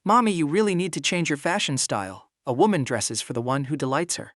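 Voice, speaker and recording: A man voicing a bold, clever little girl in a recap story, bright and eager. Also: a little high, expressive, brisk, dry recording, clean studio sound.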